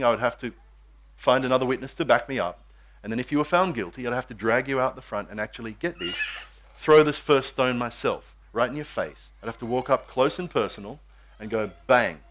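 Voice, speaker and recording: A man's voice: medium pitch, brisk, fairly bright tone. A man preaching a sermon, telling a story and acting out the voices of its characters.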